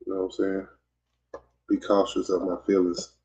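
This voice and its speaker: A man's voice: deep voice, completely flat delivery, moderate pace, darkish tone, slightly rough. A man from Mississippi with a Southern accent, hosting a podcast in casual livestream chat, rambling and teasing. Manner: rambling and teasing, many fillers and restarts. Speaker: podcast host. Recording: dull lo-fi sound.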